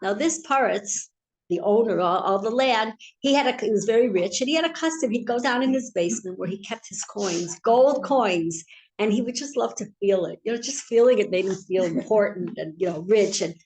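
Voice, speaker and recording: A woman teaching a Torah class, telling a story in an animated, chatty way. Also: medium pitch, brisk, slight background noise, poor audio.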